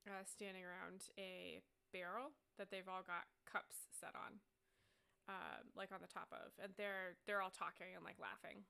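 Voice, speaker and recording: Creaky, bright-voiced woman game master. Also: medium pitch, little pitch movement, moderate pace. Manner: descriptive, with many fillers. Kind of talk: narrating a tabletop game.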